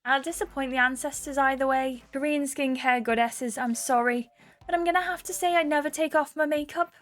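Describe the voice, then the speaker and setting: A woman voicing a young female stand-up comedian who pokes fun at herself, in a lifted, quick voice. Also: sits high, fairly even intonation, a bit bright, pitched above the performer's own voice. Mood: dramatic. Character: young woman stand-up comic, self-mocking.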